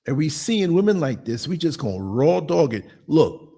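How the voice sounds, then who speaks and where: A man's voice: a little high, lively intonation, normal speed, vocal fry, warm tone, breathy edge. A man in his sixties hosting a podcast, telling blunt, streetwise stories and acting out quotes as he goes. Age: 60s. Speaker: podcast host. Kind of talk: casual monologue commentary.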